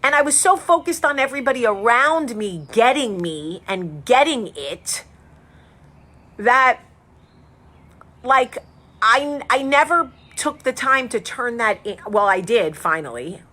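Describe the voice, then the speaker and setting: A woman host giving a frank, animated monologue, swearing casually as she talks. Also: on the high side, a little slow. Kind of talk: candid monologue.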